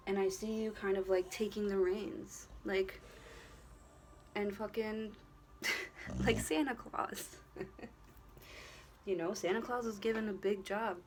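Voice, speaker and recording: A woman's voice: mid-range voice, fairly even intonation, takes it slowly, long pauses, a little mellow, a little hiss or hum. A woman doing a casual tarot reading to the camera, encouraging and earnest, rambling and repeating herself with plenty of filler and swearing. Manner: rambling, repeats herself, leans on "you know", swears freely; encouraging, earnest, speaks straight to the viewer. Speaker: tarot reader.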